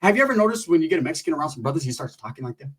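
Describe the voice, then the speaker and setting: Husky man telling a profane story. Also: on the high side, racing. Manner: profane, animated, acts out quoted voices. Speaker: comedian storyteller. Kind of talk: stand-up storytelling.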